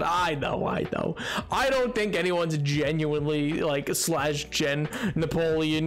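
Guy streaming a game, kinda high voice, takes his time, jokey and self-deprecating, some quiet music in the back. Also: measured pace. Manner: chatty and self-mocking, laughs often. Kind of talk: casual live-stream chat with viewers.

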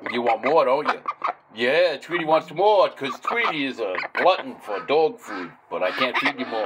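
A man's voice: medium pitch, lively intonation, a little slow. A man casually rambling in a vlog outdoors in his yard, playfully talking to his ducks. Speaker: backyard farm vlogger. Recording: loud outdoor noise with fowl. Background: loud ducks quacking.

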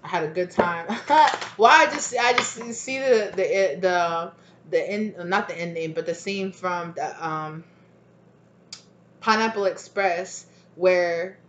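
A woman doing a casual tarot reading, animated and profane, with frequent laughter and quoted asides. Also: on the low side, takes it slowly, slight background noise. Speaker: tarot reader.

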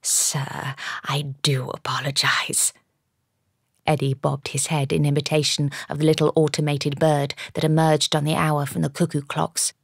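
A woman narrating an audiobook in the first person, measured and storytelling, recorded on a studio microphone. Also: deep voice, vocal fry, no room sound. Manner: measured storytelling with lively character dialogue.

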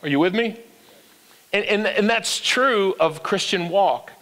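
A man's voice: sits high, unhurried, fairly bright tone, long reverb tail. An older man preaching a sermon as pastor, with call-and-response that climbs to emphatic peaks. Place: church sanctuary.

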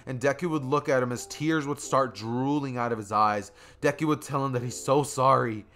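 A man's voice: mid-range voice, normal speed, fairly bright tone. A young man narrating a fan story in a casual, rambling storytelling style with repetitive phrasing. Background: faint music.

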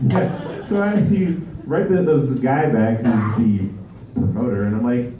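A male stand-up comedian performing a live set, rambling and halting, with many restarts. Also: mid-range voice, lively intonation, mellow. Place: live comedy venue with audience. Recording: echoey room, voice far from mic.

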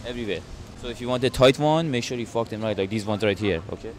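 A man's voice: mid-range voice, fast talker, soft background music. A man giving a crude, profane comedic tour of his city from a moving car, tagging nearly every line with a questioning "okay?". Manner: brash and profane, tags lines with "okay?". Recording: road and traffic noise. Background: car and street noise.

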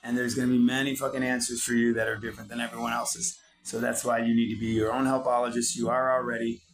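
A foul-mouthed man lecturing in a preachy, blunt monologue, cursing nearly every line. His voice sits at an ordinary middle pitch, and his delivery drifts from hurried to drawn-out as he pauses to write things down. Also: little pitch movement, faint music behind, rough recording. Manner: swears constantly, preachy and blunt. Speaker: channel host. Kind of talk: profane motivational monologue.

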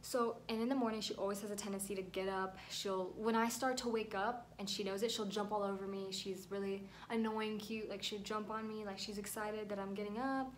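A woman's voice: mid-range voice, steady tone, brisk, few pauses, a little hiss or hum. A young woman telling a rambling, emotional storytime vlog at home, at times close to tears. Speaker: vlogger.

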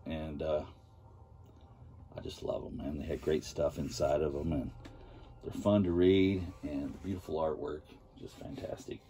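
A man hosting a casual vlog, showing his comic collection in a relaxed and enthusiastic way. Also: a bass voice, gravelly. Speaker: comic collector channel host. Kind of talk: casual show-and-tell vlog.

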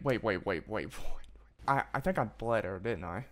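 A man's voice: mid-range voice, very animated, moderate pace, faint music behind. A man streaming a video game, muttering and swearing at it, with frustrated outbursts and jokes at his own expense. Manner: swears a lot, frustrated outbursts and self-mockery; mutters to himself between loud yelps. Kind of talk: live gameplay commentary.

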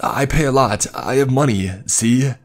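A man's voice: lowish voice, lively intonation, moderate pace, faint music behind. A man voicing a panicked, wounded foreign man who pleads in broken English, in a spoken horror story.

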